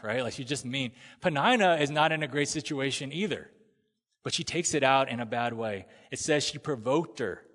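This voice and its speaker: A man preaching a sermon in a conversational, animated way, sometimes acting out the people in the story. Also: medium pitch. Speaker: pastor. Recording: long hall reverb.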